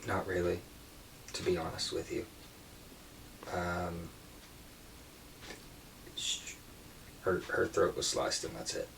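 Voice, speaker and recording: A man voicing a somber small-town police officer, speaking haltingly with many pauses. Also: low voice, fairly even intonation, gravelly, a bit bright, distant mic, a little hiss or hum, heavily acted, poor audio. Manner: hesitant, halting delivery with many ums.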